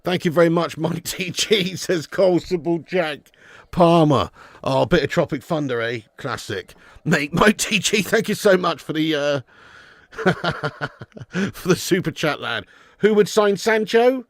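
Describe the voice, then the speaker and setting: A man's voice: fairly high pitch, animated, unhurried, a bit bright, no room sound. A young man hosting a live football watch-along, chatting casually and bantering with viewers. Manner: chatty, banter with viewers, jokey put-on accents.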